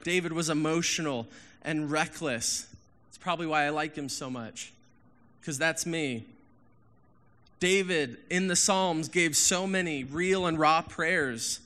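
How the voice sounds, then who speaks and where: A lively man in his thirties preaching a casual, candid sermon. His tone is bright and forceful, his pitch sits a little high, and long reverb rings around him in a big hall. He swings between loud emphasis and hushed asides. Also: unhurried. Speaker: pastor.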